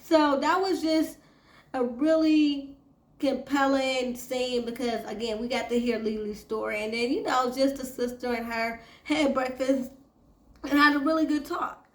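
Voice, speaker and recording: A high-pitched woman hosts a casual recap of a reality TV episode and talks to her viewers as "y'all". Her voice rings out in an echoey room. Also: fairly even intonation, measured pace. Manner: chatty, addresses viewers as y'all. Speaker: TV recap host.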